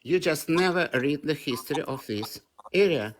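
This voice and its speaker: A man's voice: fairly high pitch, lively intonation, moderate pace, slight background noise. A man with a Russian accent arguing insistently on a live stream call, repeating his points. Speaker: debate participant. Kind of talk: heated live-stream argument.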